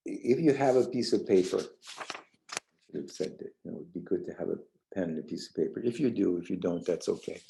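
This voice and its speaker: Older male workshop trainer from the New York suburbs, gravelly and very dark, casual lecture with halting restarts. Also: deep voice, rough recording. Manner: rambling, repeats words and restarts, gentle. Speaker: trainer leading a parenting workshop.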